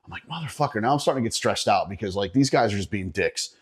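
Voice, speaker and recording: A man's voice: on the low side, animated, fast talker, husky. A middle-aged man from Northeastern Pennsylvania, a podcast guest telling a profane story in casual chat, laughing often.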